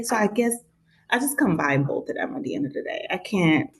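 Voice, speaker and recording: A brisk, gravelly, mid-range voice comes from a guest in casual conversation, a New York woman with a Haitian-influenced accent. She's expressive and likes to act out small quoted exchanges.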